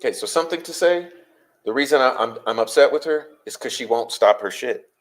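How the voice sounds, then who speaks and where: A man's voice: mid-range voice, expressive. Exasperated, profane male livestream host. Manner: exasperated, confrontational, heavy swearing; rapid-fire rhetorical questions. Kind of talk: unscripted livestream rant answering chat.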